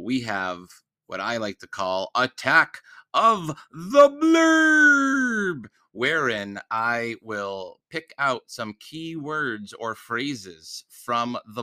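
Bright-voiced man hosting a book podcast. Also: lowish voice, animated, takes it slowly, no echo. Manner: chatty, rambling with many fillers. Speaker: podcast host reading books aloud; teacher. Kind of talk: casual podcast chat.

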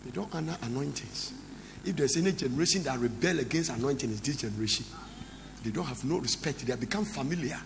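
A man's voice: medium pitch, expressive, fast, creaky, noisy background. A man, a pastor preaching a sermon that slips into song and local words. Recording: echoey hall with faint ambience.

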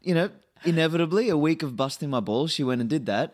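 A man's voice: a little high, expressive, fast talker, hardly any pauses. A man, a podcast guest, talking bluntly and animatedly with frequent swearing. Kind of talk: casual interview.

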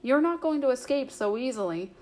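Merry, a shrewd and caring young male hobbit, coaxes his friend along in a knowing tone, as a woman reads him aloud from a storybook. The voice sits fairly high. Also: expressive, fairly quick, darkish tone.

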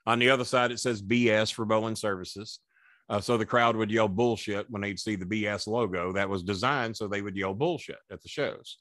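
Brisk and low-voiced, the former wrestling manager keeps the podcast stories coming, peppered with profanity and animated impressions of the people he quotes. The sound is studio quality with no room noise at all.

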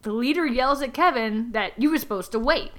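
A woman hosting a comedy podcast, recapping a story aloud with sarcastic deadpan asides. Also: a little high, brisk.

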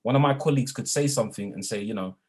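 A man, a guest in an interview, speaking reflectively and growing animated as he retells his own experiences. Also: fairly low pitch, rapid-fire, breathy edge. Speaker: guest, educator and former youth worker. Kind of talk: storytelling in a conversational interview.

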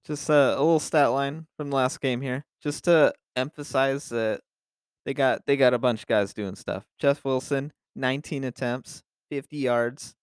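A man's voice: mid-range voice, normal speed, clear, resonant tone, no room sound, clean studio sound. A young man co-hosting a podcast, chatting loosely about football with frequent restarts and casual swearing. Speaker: podcast co-host. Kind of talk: casual sports chat.

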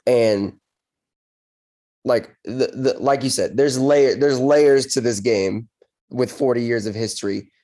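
A hoarse man co-hosting a casual sports chat, excited and rambling. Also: mid-range voice, slow pace.

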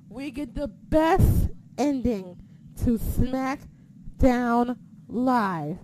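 A woman co-hosting a casual chat, excitable and swearing freely, sometimes losing her train of thought. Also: a little high, extremely slow, a little hiss or hum. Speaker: podcast co-host.

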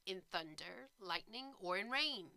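An ominous old witch opens a play with a question about the next meeting. A woman reads her in her own voice. The tone is bright and smooth, and the pace is slow and deliberate. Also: medium pitch, animated, no room sound, exaggerated voice. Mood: solemn. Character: first of three old female witches, ominous.

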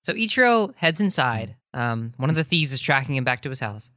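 A woman's voice: very deep voice, very animated, a little fast, a bit bright, no echo, clean studio sound. Easygoing woman recapping a plot. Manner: easygoing, filler-heavy retelling. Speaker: podcast co-host.

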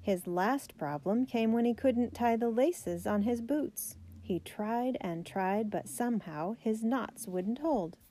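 A woman narrating a children's biography aloud, steady and gentle. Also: fairly high pitch, slow, few pauses.

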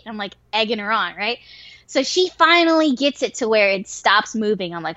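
A woman telling a wild story in casual chat, swearing freely and getting animated and excitable. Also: on the high side, brisk, no room sound. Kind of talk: casual story told to a listener. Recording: dry, slightly dull lo-fi recording.

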